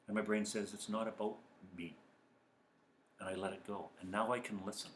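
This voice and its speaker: A man giving calm, earnest self-help advice as a coach speaking to viewers. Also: lowish voice, normal speed, a little hiss or hum. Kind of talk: motivational talk to viewers. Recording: echoey room.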